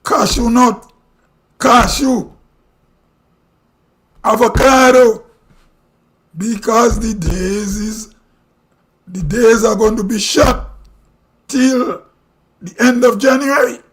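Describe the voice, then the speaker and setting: A man's voice: very high voice, takes it slowly, pauses often, a bit bright. A Grenadian man hosting a live stream, giving blunt, ranting commentary full of rhetorical questions. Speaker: livestream host. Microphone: streaming mic.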